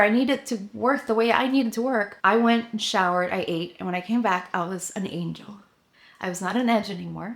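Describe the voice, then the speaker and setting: Woman, thirties, chatty motivational vlog, lots of fillers, mid-pitched voice. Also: a bit bright. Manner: chatty, many "like" fillers, acts out her own inner voice. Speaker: vlogger, coach for ambitious women. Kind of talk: casual motivational talk to camera.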